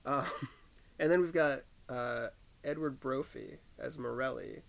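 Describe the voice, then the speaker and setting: A man's voice: mid-range voice, unhurried, creaky, fairly bright tone. A man co-hosting a podcast in casual chat, laid-back and often trailing off with a laugh. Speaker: podcast co-host.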